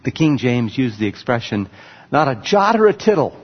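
A man's voice: mid-range voice, big pitch swings, normal speed, breathy edge. A man preaching a sermon, teaching in an emphatic way and pointing things out on a screen with a laser pointer. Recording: muffled recording with long hall reverb.

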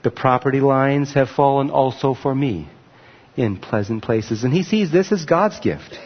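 A man preaching in a church sanctuary, his slightly high voice carrying a long reverb. The sound is a bit muffled, and he talks earnestly with frequent fillers and restarts. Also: breathy edge. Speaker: pastor. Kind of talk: sermon.

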